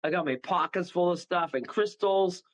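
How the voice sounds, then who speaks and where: A man telling a story as a guest medium on a radio talk show, animated and rambling, acting out the voices of the people in it. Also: high-pitched, normal speed, low-quality recording. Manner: animated, rambling, acts out voices, chuckles often.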